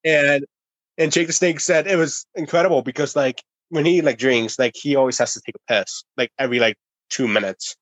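A man's voice: medium pitch, fairly quick, dry recording, low-quality recording. A man telling a wild story on a casual podcast, with lots of fillers and cursing. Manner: animated anecdote-telling, heavy filler and swearing.

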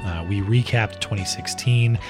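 Hoarse man hosting a podcast. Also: fairly low pitch, moderate pace, loud music behind the voice. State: hoarse, losing his voice. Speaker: podcast host. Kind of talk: casual podcast chat.

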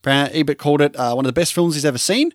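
A man's voice: fairly high pitch, racing, no room sound, studio quality. An Australian man co-hosting a casual film podcast, reading out film trivia with chatty asides. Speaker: podcast co-host.

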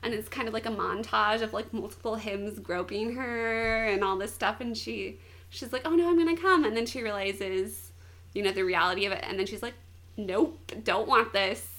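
A woman's voice: medium pitch, normal speed. A woman in casual chat, retelling a story with lots of energy and frequent laughter. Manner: animated retelling, laughs often.

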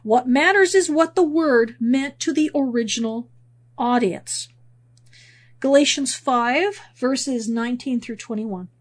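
High-voiced woman teaching scripture, sniffly. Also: slow. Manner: conversational, reads scripture aloud, wry asides. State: sniffly from spring allergies. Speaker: Bible teacher. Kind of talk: casual Bible teaching.

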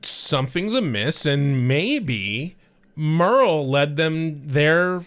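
A man co-hosting a casual podcast that recaps a TV episode. He reacts expressively, with quick laughs and exclamations. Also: fairly high pitch, animated, fairly bright tone. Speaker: podcast co-host.

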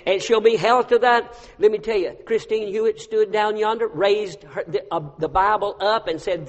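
A man preaches a storytelling sermon. He drops to a hush, then rises to a loud cry. His voice rings with the long reverb of a big church hall. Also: high voice. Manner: storytelling, swinging from hushed to loud. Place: church sanctuary.

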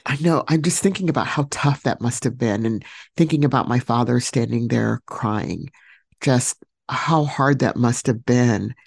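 A woman hosting a podcast, telling a personal story alone in a reflective, heartfelt way, pausing to search for words. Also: a bass voice, creaky, darkish tone, slightly rough, no room sound, clean studio sound. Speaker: podcast host.

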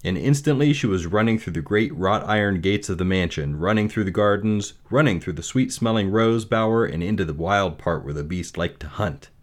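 A man reading a fairy tale aloud and then reflecting on its lessons, in a measured, gentle way. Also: sits low, lively intonation. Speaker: storyteller.

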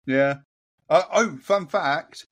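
A man's voice: fairly high pitch, slow pace, a bit bright. A man, a winemaker co-hosting a wine podcast, talking in easygoing, rambling casual banter. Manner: easygoing, rambling, many ums.

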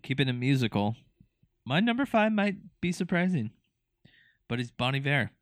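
A man's voice: mid-range voice, very animated, normal speed, dry recording. A man co-hosting a podcast in casual chat, talking in a laid-back, rambling way. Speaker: podcast co-host.

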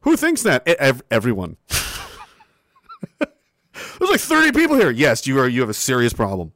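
Animated, sarcastic male commentary host. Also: medium pitch, normal speed, long pauses, no room sound, clean studio sound. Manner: sarcastic, animated, laughs often.

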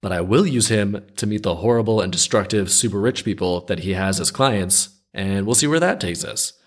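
Man reading easygoing male Death, shrugging and unbothered, low and husky. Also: moderate pace, lightly acted. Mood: offhand. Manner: casual, offhand, shrugging. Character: laid-back odd Death in human guise, male.

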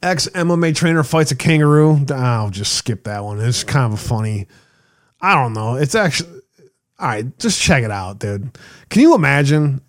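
A man's voice: medium pitch, lively intonation, moderate pace. Sarcastic man hosting a talk show. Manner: sarcastic, laughs often, swears. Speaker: show host. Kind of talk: casual commentary reading news.

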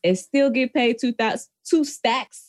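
A woman's voice: fairly high pitch, a little slow. A woman co-hosting a casual movie chat podcast, laughing often and acting out quotes. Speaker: podcast co-host.

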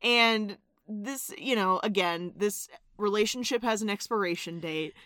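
Bright enthusiastic woman podcast host. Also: medium pitch, unhurried, no echo, clean studio sound. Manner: emotional, enthusiastic. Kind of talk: casual chat.

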